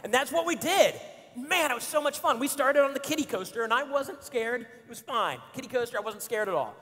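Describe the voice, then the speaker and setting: A pastor in his forties delivers a playful, animated storytelling sermon in a church auditorium, acting out his friends' lines with shouts and laughs. His voice is very high and brisk, and the church hall adds reverb.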